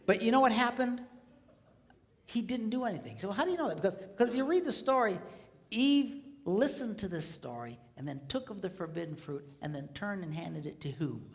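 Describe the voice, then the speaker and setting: A man's voice: high voice, animated, fairly quick. Dramatic male seminar speaker, echoey hall. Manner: dramatic, swings from hushed whispers to shouting. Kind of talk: live relationship seminar talk.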